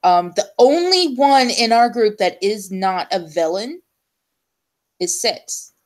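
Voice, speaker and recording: A young adult woman hosting a casual chat show, rambling and hesitant with many ums and pauses. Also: mid-range voice, expressive. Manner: chatty, full of ums and trailing pauses. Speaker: show host.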